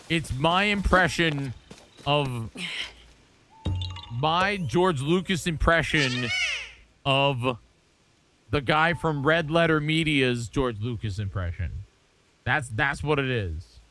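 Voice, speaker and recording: A man's voice: a little high, expressive, slow, long pauses, pushed and bright, slight background noise. A man streaming live, chatting casually and rambling through his thoughts with frequent restarts. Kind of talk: casual chat.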